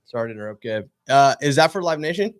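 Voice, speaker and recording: Man, colleague, quick casual chat, lively voice, mid pitch.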